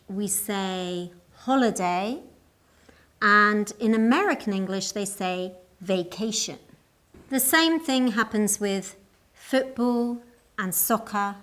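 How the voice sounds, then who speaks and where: A woman narrating a scripted English lesson in a slow, clear and deliberate teaching voice. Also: medium pitch, a bit bright.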